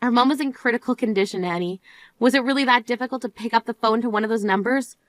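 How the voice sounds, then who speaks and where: Grieving older sister played by a woman, high voice, reproachful, scolding, drama voice acting. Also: fast, dry recording, close to an everyday voice.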